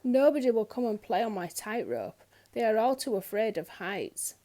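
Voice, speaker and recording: A woman's voice: on the high side, big pitch swings, moderate pace, warm tone. A woman voicing a small, lonely storybook acrobat girl who pleads in a sing-song way. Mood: pleading.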